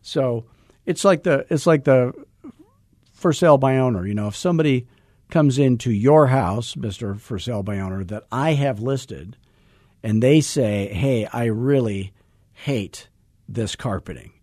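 A middle-aged man coaching real estate agents in a salesy, joking, energetic way. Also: medium pitch, normal speed, no room sound, studio quality. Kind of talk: coaching podcast talk.

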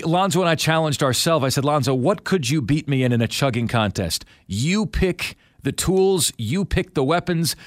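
A radio host chats and rambles through stories, joking as he goes. He speaks with a light Southern accent in a slightly raised voice. The studio sound is close and dry, with no room echo. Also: on the high side. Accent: light Southern, radio-neutral. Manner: chatty, joking, rambling storyteller. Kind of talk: casual sports radio chat.

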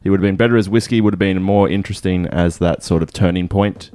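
A man giving strong opinions in a casual film chat, with loud outbursts. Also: low-pitched, fairly even intonation, fast talker, dry recording, clean studio sound.

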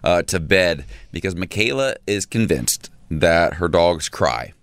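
A man co-hosting a morning radio show, chatting and joking in a casual, animated way. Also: sits low, unhurried, no room sound.

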